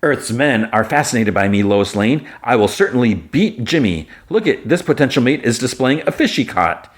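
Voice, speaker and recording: A man voices a stiff, formal alien superheroine, using stilted, overly proper speech. His natural mid-range voice is pitched up above his own, very animated, at a moderate pace.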